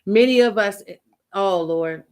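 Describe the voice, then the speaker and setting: A woman's voice: mid-range voice, slow, darkish tone, smooth. A woman giving a motivational faith talk as a writing coach, speaking emphatically and repeating phrases the way a preacher does. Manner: emphatic, repetitive, preacherly storytelling.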